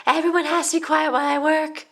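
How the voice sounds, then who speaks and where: A woman voicing an eager little schoolgirl in a storybook, with a high, excited delivery. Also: quick pace, gravelly.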